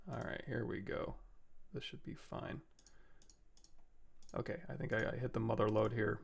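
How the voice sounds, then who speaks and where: Male livestream tutor, gravelly, casual step-by-step talk at a desk mic, keyboard clicks behind. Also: on the low side, moderate pace. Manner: relaxed, talks through steps while working, self-corrects. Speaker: 3D sculpting livestream host. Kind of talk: casual software tutorial narration.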